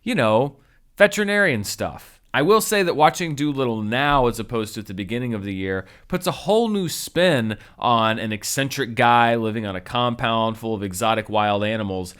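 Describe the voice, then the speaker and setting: A man giving a spoken movie review in a wry, animated way, jumping high in pitch for emphasis. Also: moderate pace, clear, resonant tone. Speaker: film critic.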